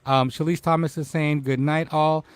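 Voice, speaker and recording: A man's voice: fairly high pitch, fairly even intonation, moderate pace, clear, resonant tone, no echo. A man hosting a casual livestream talk show, upbeat and greeting viewers by name.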